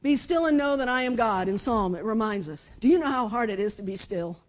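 High-voiced woman preaching conversationally. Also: lively intonation, fairly quick. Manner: conversational, with dramatic shifts between loud and hushed speech. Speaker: speaker giving a devotional message. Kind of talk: sermon.

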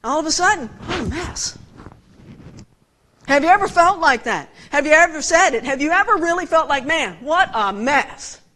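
A woman preaching a conversational sermon, animated and often putting direct questions to her listeners. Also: high voice, moderate pace.

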